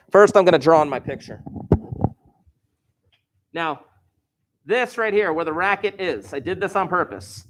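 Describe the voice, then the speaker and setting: A man's voice: a little high, a bit bright. A man teaching a math lesson to a class, explaining step by step with wry, joking asides.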